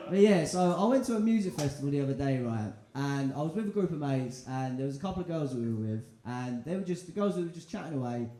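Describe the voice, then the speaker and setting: Young male stand-up, casual and crude, slightly high voice, live club sound with echo. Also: animated, moderate pace, dark tone. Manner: chatty, loose, crude, lots of fillers. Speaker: stand-up comedian. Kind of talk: stand-up set. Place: comedy club in front of a live audience. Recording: echoey club room with audience laughter.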